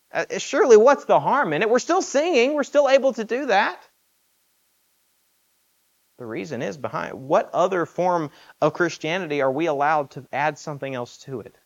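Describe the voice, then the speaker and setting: A man's voice: a little high, big pitch swings, normal speed, a bit bright, muffled recording. A man preaching a sermon in an earnest, emphatic way, asking rhetorical questions.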